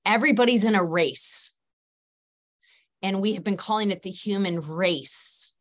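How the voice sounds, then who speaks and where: A woman's voice: mid-range voice, unhurried. A middle-aged woman speaks as an interview guest in a mid-range voice. She talks earnestly and at length, letting her sentences flow into one another and leaning on key words for emphasis. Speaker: guest practitioner. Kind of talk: conversational interview.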